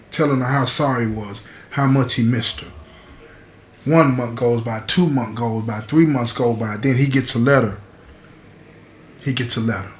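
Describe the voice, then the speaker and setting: A man's voice: medium pitch, roomy sound. Streetwise man telling a story. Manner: streetwise, conversational, constantly checks in with the listener. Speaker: host. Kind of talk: storytelling to camera.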